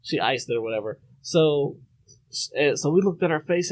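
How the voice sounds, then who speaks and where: A young man hosting a podcast, telling a story in a lively, animated way, often restarting and acting out the voices. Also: on the high side, fairly quick. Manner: animated, restarts a lot, acts out the people in his story. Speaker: podcast host. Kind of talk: casual storytelling.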